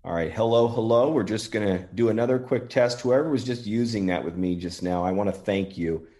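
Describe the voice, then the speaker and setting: A man with a fairly low voice talks casually through a demonstration. He sounds earnest and gentle, pausing to thank unseen listeners. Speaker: paranormal app demonstrator.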